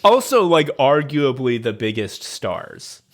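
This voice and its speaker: Brief: male podcast guest, mid-pitched voice, excitable and rambling, fills his talk with "like". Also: slow pace. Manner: animated, rambling, full of restarts and "like". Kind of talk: casual podcast chat.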